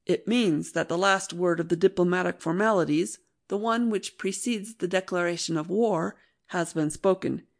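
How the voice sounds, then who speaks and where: A woman reading an audiobook, voicing a young officer husband who talks in a calm, gently teasing way. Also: fairly low pitch, moderate pace, creaky, hardly any pauses. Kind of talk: audiobook narration.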